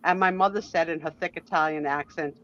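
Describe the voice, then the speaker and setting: A woman's voice: low voice, a little fast. A woman chatting casually on a live stream, telling stories with firm opinions. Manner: animated storyteller, opinionated. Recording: dull lo-fi audio.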